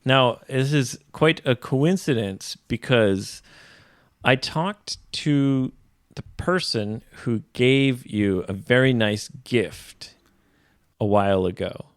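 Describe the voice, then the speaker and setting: Slow, clear-speaking man co-hosting a podcast. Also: medium pitch, no room sound, studio quality. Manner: slow, clear, explains phrases. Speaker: podcast co-host and English teacher. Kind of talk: casual chat for English learners.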